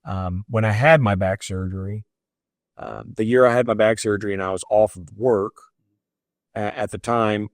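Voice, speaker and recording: Low voiced guy on a faith podcast, reflective, lots of ums, dry close mic. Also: fairly even intonation, normal speed, no echo. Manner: conversational, reflective, many fillers. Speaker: podcast co-host. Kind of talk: casual chat.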